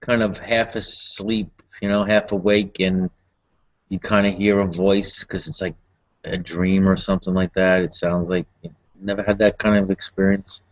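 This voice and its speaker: Laid-back low-voiced man. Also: flat delivery, normal speed. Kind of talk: casual chat. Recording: muffled low-fidelity audio.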